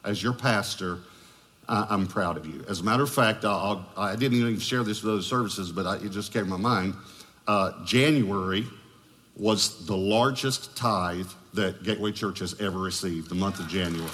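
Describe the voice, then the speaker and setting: A man's voice: sits low, moderate pace, a bit bright. A man preaching a sermon as pastor, telling a story with joking asides. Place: large church auditorium. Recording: long hall reverb.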